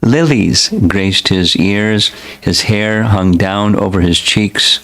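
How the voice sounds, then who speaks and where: A man who is a spiritual teacher, reading scripture aloud in a slow, deliberate, devotional way. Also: fairly low pitch, a bit bright, poor audio.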